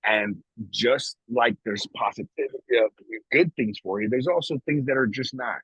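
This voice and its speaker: A man's voice: mid-range voice, moderate pace, a bit bright, husky, no echo, rough recording. A man co-hosting a podcast, talking in a rambling, emphatic way and swearing casually as he chats. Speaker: podcast co-host. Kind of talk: casual morning chat.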